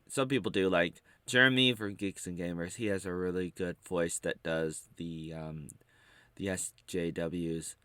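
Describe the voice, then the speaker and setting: A man talking to camera in a casual, rambling monologue, halting and full of playful wordplay. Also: fairly low pitch, sharp tone, clear, resonant tone, no room sound, clean studio sound. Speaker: vlogger.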